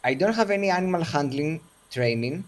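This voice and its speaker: A man's voice: on the high side, expressive, a little fast, crowd noise. A man playing a tabletop game, speaking to the game master and in character with formal, flowery phrasing. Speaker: player. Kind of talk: in-character role-play and table talk.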